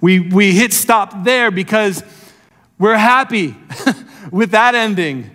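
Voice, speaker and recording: A man preaching a sermon, telling a story in an animated way and acting out quotes. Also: high-pitched, takes it slowly, in a large hall. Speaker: pastor.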